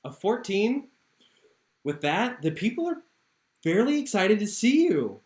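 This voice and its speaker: A man's voice: sits high, sing-song, a little slow, a little mellow, echoey room. A man narrating a tabletop game as game master in an easygoing way, on an online call. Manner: easygoing, many fillers.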